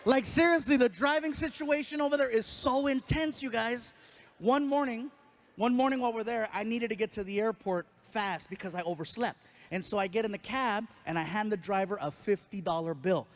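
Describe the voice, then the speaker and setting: A man doing a stand-up comedy routine, telling an animated story and acting out voices and sound effects. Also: high-pitched, a little fast. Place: live comedy stage.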